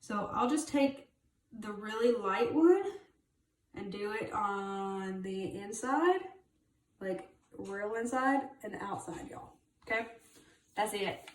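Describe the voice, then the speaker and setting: A woman's voice: mid-range voice, takes it slowly, pauses often. Chatty woman in a roomy space. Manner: chatty, blunt, swears freely. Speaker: beauty vlogger. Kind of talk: casual makeup tutorial chat. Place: home room with rain outside. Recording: roomy, distant camera audio.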